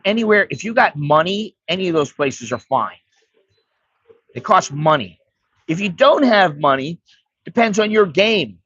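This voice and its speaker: American man, blunt, profane, rambling storyteller, fairly high voice, dull dry recording. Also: a bit bright, slightly rough, no room sound. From United States. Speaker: expat vlogger. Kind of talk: casual storytelling.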